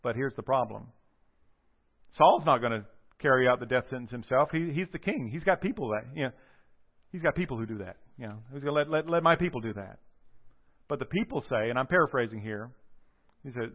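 A man preaching a sermon, retelling a scripture story with animated storytelling and acting out the quoted lines. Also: medium pitch, brisk, pauses often. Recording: tinny phone-like audio.

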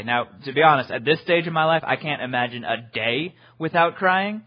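A man preaching an earnest sermon who swings from hushed to emphatic and repeats words as he builds. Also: fairly high pitch, fairly quick, hardly any pauses, dull audio. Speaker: pastor.

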